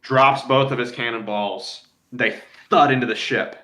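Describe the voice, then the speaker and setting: A man's voice: mid-range voice, fairly even intonation, unhurried, sharp tone, echoey room. A man narrating a tabletop game as game master, drawing out his descriptions.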